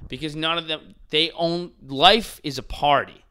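A young man in casual podcast chat, telling stories in a profane, animated way. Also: fairly high pitch, measured pace, clean tone.

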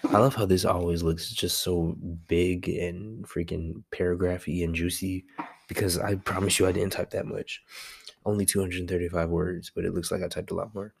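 A man's voice: low voice, level tone, normal speed, creaky, slightly rough. A young man, a student, talking through a class assignment in a casual, rambling way, correcting himself and using slang.

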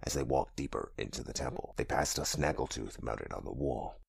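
Very deep gravelly male narrator. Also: brisk, dry recording. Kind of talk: scripted comedy narration.

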